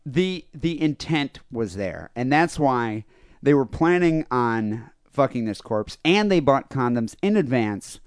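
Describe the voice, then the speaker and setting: A man's voice: medium pitch, lively intonation, unhurried, clear, resonant tone, no echo, studio quality. A man co-hosting a comedy podcast, retelling a news story in crude, joking casual chat with plenty of fillers. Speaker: podcast co-host.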